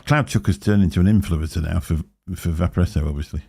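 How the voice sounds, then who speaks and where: A man's voice: deep voice, fast, gravelly, a little mellow, breathy edge, dry recording. A middle-aged man co-hosting a casual livestream chat, rambling and correcting himself as he talks. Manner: rambling, self-correcting, chuckling. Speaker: co-host of a live vaping chat show.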